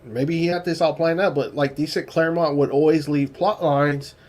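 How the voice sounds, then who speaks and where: Laid-back man, slightly high voice. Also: steady tone, moderate pace, a little mellow. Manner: laid-back, swears freely, acts out comic dialogue. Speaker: podcast co-host. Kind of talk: casual comic book discussion.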